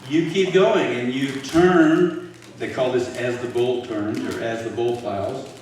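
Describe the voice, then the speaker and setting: An older man leading a relaxed Bible study, chatting and quizzing his audience as he goes. He is picked up by a distant microphone in a heavily echoing room, with faint background noise. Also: medium pitch, measured pace. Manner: conversational, quizzes the audience with questions. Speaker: Bible teacher. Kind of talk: informal Bible teaching to a live group. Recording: very echoey room, voice from far off.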